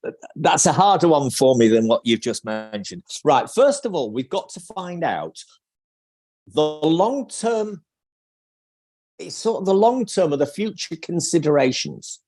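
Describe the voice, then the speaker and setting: Animated male video-call guest. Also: fairly high pitch, measured pace, husky. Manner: thinks aloud with restarts and acted sales lines. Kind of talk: live video-call interview.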